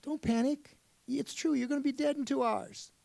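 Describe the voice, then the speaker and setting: A man voicing Jesus as a calm, patient, reassuring figure in a sermon story. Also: very high voice, moderate pace, gravelly, no room sound, pitched above the performer's own voice, full character voice.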